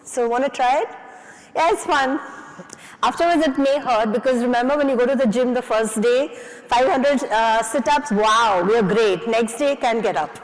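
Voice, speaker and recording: A woman's voice: a little high, moderate pace. Woman coaching face exercises in a hall. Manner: encouraging, coaxing and playful with the audience. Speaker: face yoga instructor. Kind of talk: leading a live exercise session. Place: conference hall. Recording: reverberant conference hall.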